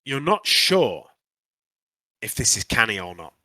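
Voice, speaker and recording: Bright, lively game master. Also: male voice, lowish voice, no room sound. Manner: lively narration with frequent "um" pauses. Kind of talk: narrating a tabletop game.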